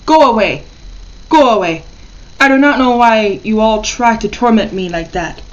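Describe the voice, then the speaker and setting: A woman voicing a bitter, hulking peasant mother of about forty, with a harsh voice that goes to a tearful falsetto, shrill and loud. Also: animated, moderate pace, muffled recording, natural voice. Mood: screaming fury. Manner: shrill, screaming and pleading by turns.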